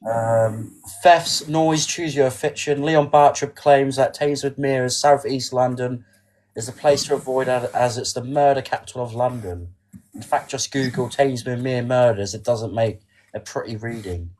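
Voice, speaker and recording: A man's voice: mid-range voice, fairly even intonation, normal speed, a little mellow. A man guesting on a casual podcast, talking hesitantly with many fillers and reading a list aloud a bit stiffly.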